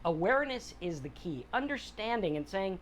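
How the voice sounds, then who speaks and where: A man's voice: high-pitched, very animated, normal speed, slight background noise. A middle-aged man hosting a podcast, talking casually and plainly about mental health and sobriety. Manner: conversational, acts out quotes in other voices. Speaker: podcast host. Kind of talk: casual motivational talk on sobriety.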